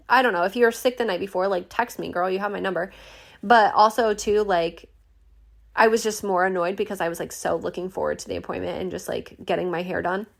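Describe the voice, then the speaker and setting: Young woman, podcast host, gravelly fry, loose profane storytelling, heavy "like" fillers. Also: mid-range voice. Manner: chatty, swears freely, many "like" fillers, acts out quoted voices. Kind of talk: casual storytelling monologue.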